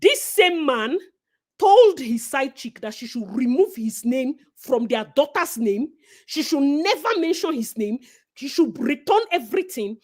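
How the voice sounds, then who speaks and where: A Nigerian woman co-hosting a casual gossip chat, animated and preachy, slipping into Pidgin. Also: high voice, measured pace. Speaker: co-host.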